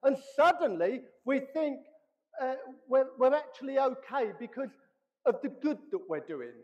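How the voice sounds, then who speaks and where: A man preaching a sermon as pastor, animated, acting out the voices he quotes. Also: very high-pitched, normal speed. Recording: reverberant hall, dull lo-fi sound.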